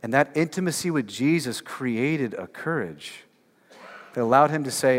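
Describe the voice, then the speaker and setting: A pastor preaches in a church sanctuary, his mid-range male voice animated and moving at a moderate pace. The sermon is casual and conversational, full of filler words and emphatic rhetorical questions aimed at the congregation. Long hall reverb fills the recording.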